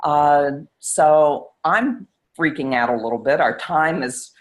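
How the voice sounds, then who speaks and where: A woman's voice: sits low, slow pace. A middle-aged woman, a psychiatrist, telling a story in an interview and acting out the quoted exchanges with animation.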